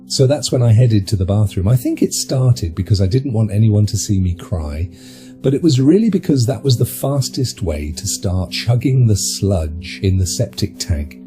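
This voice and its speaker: A man's voice: fairly low pitch, animated, moderate pace, warm tone, faint music behind, lightly acted. A man voicing a lonely male trash goblin creature, telling his story in a bitter, confessional way. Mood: rueful. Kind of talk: dramatized video narration.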